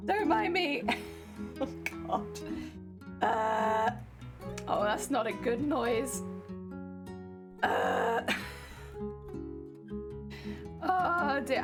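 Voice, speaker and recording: A young woman streaming from home while crafting, chatting casually with a hoarse, fading voice and laughing often. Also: sits high. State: hoarse, losing her voice. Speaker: live streamer. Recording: distant mic with music behind.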